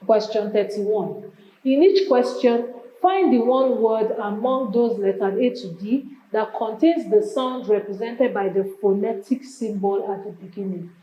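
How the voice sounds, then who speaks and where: A woman with a Nigerian English accent teaches an exam revision lesson, reading each answer option aloud and explaining it step by step. Her voice is mellow and low in tone, and it echoes around a reverberant room. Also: a little slow, highs cut off, slight background noise.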